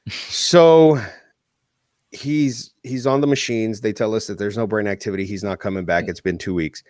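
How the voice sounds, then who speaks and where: A man's voice: on the low side, fairly even intonation, a little fast, no room sound, studio quality. A man co-hosting a podcast, telling a personal story in casual chat with plenty of swearing. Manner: swears a lot in heartfelt storytelling. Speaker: podcast co-host.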